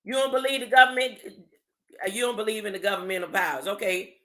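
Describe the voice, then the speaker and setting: Bright-voiced emphatic livestream preacher. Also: mid-range voice. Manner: keeps asking "huh?" to the audience, slangy and emphatic; reads documents aloud slowly with asides. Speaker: religious commentator. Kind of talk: casual livestream preaching and reading aloud.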